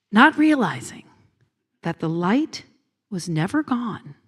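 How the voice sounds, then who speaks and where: A woman minister giving a gentle, intimate sermon on a handheld mic in a church, with soft hushed phrases. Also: medium pitch, big pitch swings, slow. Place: church sanctuary.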